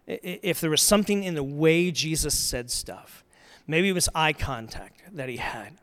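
A middle-aged man preaching a sermon in a slightly raised voice. He tells the story earnestly, pushing some points out loud and letting others fall to near a murmur. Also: on the high side, animated, moderate pace. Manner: earnest storytelling, rising to loud emphasis then dropping soft. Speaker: pastor.

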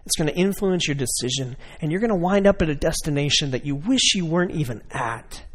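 A man voicing God as a patient, loving father, speaking softly and reassuringly. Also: on the high side, brisk, pitched below the performer's own voice. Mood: tender. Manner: soft, reassuring, steady.

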